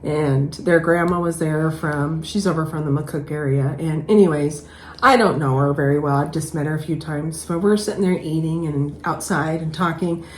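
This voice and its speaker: A middle-aged woman hosting a casual stitching chat, telling stories animatedly and acting out the voices with high squeals. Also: moderate pace, darkish tone. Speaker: host. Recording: echoey room, faint background noise.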